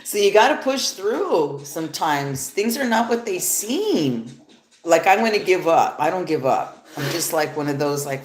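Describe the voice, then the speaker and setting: A woman's voice: deep voice, lively intonation, unhurried. A woman giving a casual live-stream tarot reading, rambling and swearing freely as she talks to her viewers. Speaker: tarot reader. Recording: echoey room with faint music.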